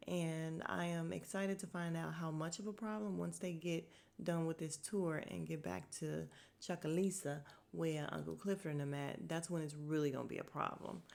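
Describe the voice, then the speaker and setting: A woman's voice: deep voice, fairly even intonation, moderate pace, creaky, darkish tone. A woman hosting a podcast, recapping a TV episode in a chatty, frank way, laughing and swearing as she goes. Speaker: podcast host.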